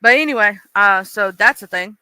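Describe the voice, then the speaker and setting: A woman's voice: medium pitch, moderate pace, sharp tone, clean tone, no echo. A woman with a mixed Southern accent, chatting casually on a live stream and talking straight to her viewers in a folksy way.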